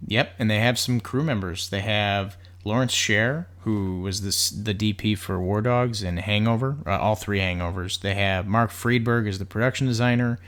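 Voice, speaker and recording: A man's voice: on the low side, moderate pace, hardly any pauses, fairly bright tone. A man co-hosting a movie podcast, chatting casually, going through film news details and saying "like" a lot. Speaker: podcast co-host.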